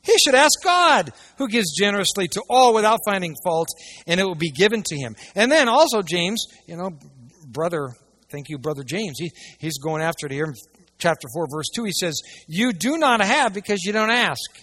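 Pastor guy preaching to a room full of people, kinda high voice, gets real loud then drops quiet. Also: lively intonation, brisk. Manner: dynamic preaching, swinging between hushed and loud. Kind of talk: sermon. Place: church hall with audience.

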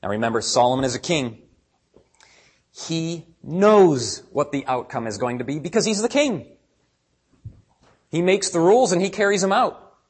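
A man preaching a conversational sermon, animated, acting out quoted voices as he reads scripture. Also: fairly high pitch, normal speed, long pauses, slightly rough. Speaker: pastor.

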